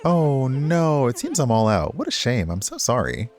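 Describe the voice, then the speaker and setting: A man's voice: mid-range voice, wildly swooping pitch, moderate pace, darkish tone, faint music behind, voice pushed up. A man doing a sugary young village woman. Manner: sugary politeness. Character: sweet-seeming young woman villager, secretly selfish.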